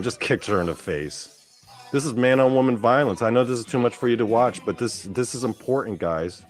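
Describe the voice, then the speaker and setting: A man hosts his own show with a fairly low voice. He gives loose, profane and excitable commentary as he watches a clip. Faint music plays underneath him. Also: normal speed. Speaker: podcast host. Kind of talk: casual commentary over a wrestling clip.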